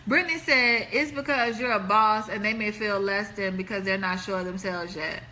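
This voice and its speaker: Chatty bright-voiced woman on a live stream. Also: medium pitch, moderate pace, slight background noise. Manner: chatty, laughing, talks straight to viewers. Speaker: host of a live relationship stream. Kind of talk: casual live-stream chat reading comments.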